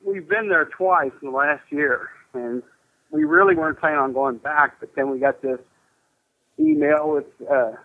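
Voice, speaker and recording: A man's voice: on the high side, wildly swooping pitch, normal speed, creaky, no echo, narrow, tinny audio. A man from Indiana calling in, rambling a bit with restarts as he explains his question. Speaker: caller. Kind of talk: casual call-in chat.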